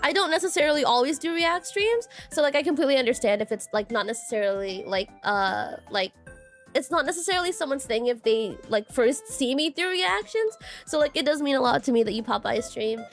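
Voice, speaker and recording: Streaming as a VTuber, a woman chats casually with her viewers, giggling and packing her speech with fillers and repeated phrases. Her high voice is expressive and a little fast, with faint music behind.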